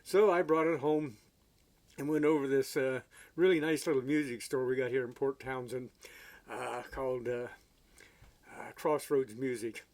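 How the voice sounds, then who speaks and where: A man telling a story in a casual, folksy way, halting often with fillers, as an amateur songwriter and guitarist. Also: medium pitch, fairly even intonation, a little mellow.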